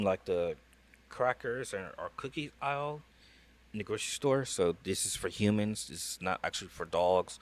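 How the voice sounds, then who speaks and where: A man with a lowish voice talks through a reaction video in loose, casual chat. He rambles, circles back, and leans heavily on fillers as he thinks out loud. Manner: rambling, with many fillers and laughs.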